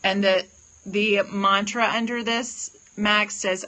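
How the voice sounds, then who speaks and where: A woman's voice: mid-range voice, slow pace, sharp tone, rough recording. A woman hosting a casual livestream oracle card reading, gushing with praise and talking to viewers by name.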